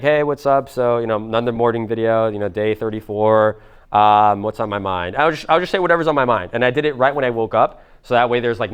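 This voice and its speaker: A man's voice: fairly low pitch, smooth. A young man with a Miami accent coaching a live seminar audience, casual and profane, full of fillers. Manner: casual, profane, fast, many fillers like "like" and "bro". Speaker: business coach.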